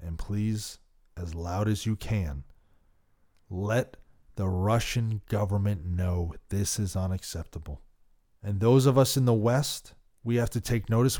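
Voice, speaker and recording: A man hosting a podcast, giving passionate political commentary that swings from loud outbursts to quiet worry. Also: fairly low pitch, a little slow. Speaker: podcast host.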